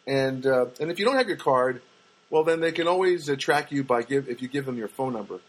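Husky man rambling through a podcast monologue. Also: medium pitch, lively intonation, a little fast, poor audio. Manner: rambling storyteller, acts out quoted people. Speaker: podcast host. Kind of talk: casual monologue. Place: Los Angeles.

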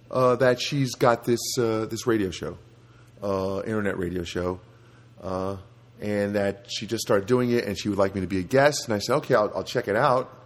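A man delivering a rambling comedic podcast monologue through a software voice filter, often breaking off and restarting his sentences. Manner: rambling, self-interrupting, lively swings in pitch. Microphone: home recording setup.

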